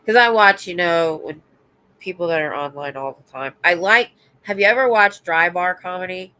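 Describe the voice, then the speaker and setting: A woman with a stuffy nose, hosting a casual late-night livestream, chatting loudly, laughing often and reading out comments. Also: lowish voice, normal speed. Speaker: livestream host. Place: home.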